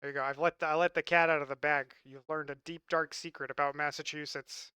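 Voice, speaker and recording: A man's voice: on the high side, level tone, quick pace, bright, forceful tone, clean tone, dry recording. A man from Long Island chatting casually with his stream chat in a wry, talkative way. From Long Island, New York.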